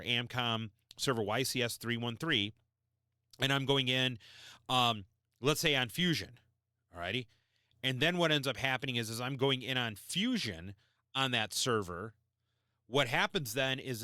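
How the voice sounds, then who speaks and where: A man's voice: mid-range voice, sharp tone, no room sound, studio quality. A man hosting a podcast, explaining things in a blunt, repetitive, emphatic way. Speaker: podcast host. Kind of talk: explanatory talk.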